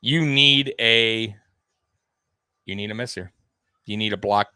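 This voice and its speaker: A young man hosting a live sports stream, talking straight to his viewers in an animated, repetitive way with plenty of swearing. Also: on the low side, slow, smooth, dry recording. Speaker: sports livestream host. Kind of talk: live postgame commentary to viewers.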